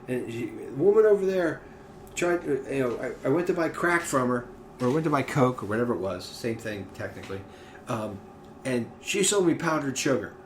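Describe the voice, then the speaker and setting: A man chatting casually as a podcast co-host, telling stories in an animated way and swearing freely. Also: mid-range voice, moderate pace, far from the mic. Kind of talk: casual chat. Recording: echoey room with faint noise.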